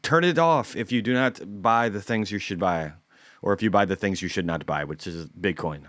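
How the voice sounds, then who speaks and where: A man's voice: deep voice, moderate pace, a bit bright, no echo, studio quality. A man putting on a smug French-accented banker woman. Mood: sarcastic. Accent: put-on French accent. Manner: sneering, sarcastic. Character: mocking impression of a smug female central banker.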